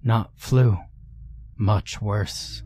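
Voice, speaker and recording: A man voicing an alien creature that speaks in slow, broken, clipped phrases. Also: on the low side, fairly even intonation, dark tone, dry recording. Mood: grave. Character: terse, flat-spoken alien creature, sexless.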